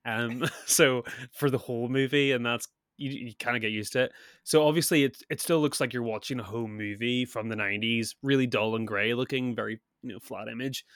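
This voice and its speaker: A man's voice: medium pitch, steady tone, a little fast, fairly bright tone, no echo, studio quality. A man co-hosting a podcast, chatting casually about a film with frequent laughs and restarts, a bit sick. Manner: rambling, laughs often, many restarts. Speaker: podcast co-host. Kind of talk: casual film review chat.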